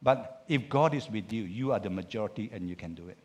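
A male pastor preaching a sermon, swinging from loud urging to quiet asides and acting out biblical speech. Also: on the low side, a little fast. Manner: animated preaching with big swings in loudness, urging the congregation to repeat lines; acts out biblical characters' speech in quotes.

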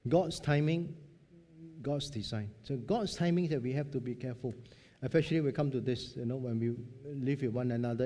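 Man, pastor, mellow tone, conversational sermon. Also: medium pitch. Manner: conversational preaching, repeats points, acts out quoted dialogue.

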